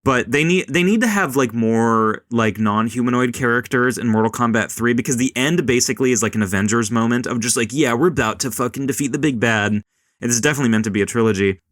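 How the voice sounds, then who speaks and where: A man's voice: medium pitch, quick pace, a bit bright, no room sound, clean studio sound. A man hosting a casual film and culture podcast, rambling and swearing as he talks. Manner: rambling, swears a lot, mimics voices. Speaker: podcast host. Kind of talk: casual chat.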